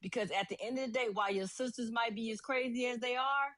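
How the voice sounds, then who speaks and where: A woman's voice: fairly high pitch, fast talker, a bit bright, no room sound. A woman giving impassioned, preachy commentary as a guest on a talk show. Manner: preachy, impassioned, calls people brother.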